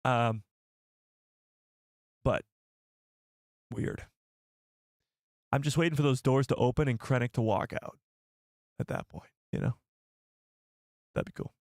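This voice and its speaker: Young guy hosting a live stream, chatty and joking around with chat, mid pitch, dry close sound. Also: slow pace, long pauses, darkish tone, no echo. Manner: chatty and jokey, thinking aloud with fillers. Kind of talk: casual live-stream chat reading viewer comments.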